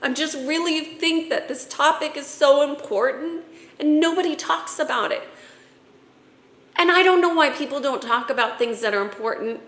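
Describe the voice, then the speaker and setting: An earnest woman coach speaks from the heart about the soul, her fairly high voice catching with emotion now and then. The sound carries a roomy echo, as if recorded in a bare room. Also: normal speed, fairly bright tone. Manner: earnest, emotional, tearful at times. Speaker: spiritual coach. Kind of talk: heartfelt spiritual talk to camera.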